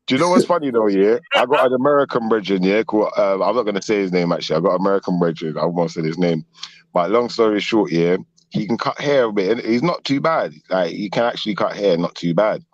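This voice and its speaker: A man's voice: fairly low pitch, lively intonation, quick pace, no echo, dull audio. A man telling a story in slangy casual chat, laughing as he goes. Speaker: host.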